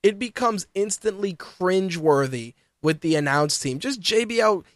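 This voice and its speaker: Animated profane man, dry sound. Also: high voice, normal speed, no echo. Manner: animated, profane, mocking quotes. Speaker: co-host of wrestling podcast. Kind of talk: casual chat.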